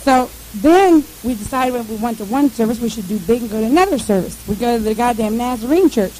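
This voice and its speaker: Casting: a woman, slightly high voice, cursing, rambling storyteller, faint background noise. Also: fast, poor audio. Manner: profane, rambling, animated, imitates radio noises. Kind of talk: casual storytelling.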